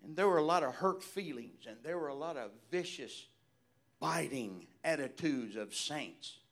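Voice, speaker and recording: A man preaching a sermon, swinging from hushed, drawn-out lines to shouted, fervent calls. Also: on the high side, animated.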